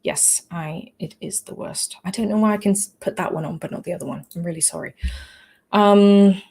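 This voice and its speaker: Her voice is medium in pitch, fairly quick, creaky and mellow with a breathy edge. She's from England, though time in the Netherlands has shifted her accent a little, and she runs a casual livestream Q&A, responding to chat with frequent fillers, restarts and apologies.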